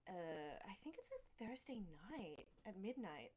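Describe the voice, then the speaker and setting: A woman's voice: mid-range voice, big pitch swings, a little slow, darkish tone. A woman from Australia with an Australian accent, a giggly guest chatting casually on a live show. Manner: giggly, bubbly. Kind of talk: casual chat.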